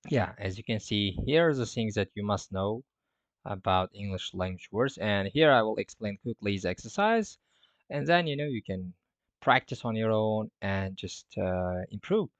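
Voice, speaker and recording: A man with a fairly low voice walks learners through an English lesson in relaxed, rambling speech, often correcting himself. The recording is dry and a bit dull and lo-fi. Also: moderate pace, no room sound. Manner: loose, filler-heavy, self-correcting. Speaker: English teacher. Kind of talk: casual explaining lesson.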